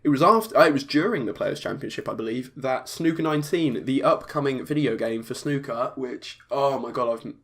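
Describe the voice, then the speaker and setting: A young man hosting a solo podcast, talking in a chatty, excitable way with frequent restarts. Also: medium pitch, a little fast, creaky, few pauses. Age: young adult. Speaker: podcast host. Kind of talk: casual solo podcast commentary.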